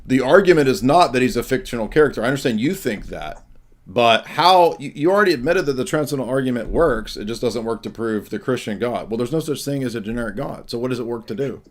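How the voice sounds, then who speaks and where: A man's voice: mid-range voice, expressive, fast talker. A man hosting a heated stream debate, combative and insulting, pressing the same question over and over. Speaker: host.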